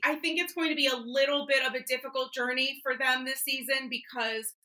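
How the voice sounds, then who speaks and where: A woman's voice: high voice, steady tone, fairly quick, bright, forceful tone. A woman guest on a podcast, chatting casually in an emphatic way and laughing easily. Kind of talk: casual chat.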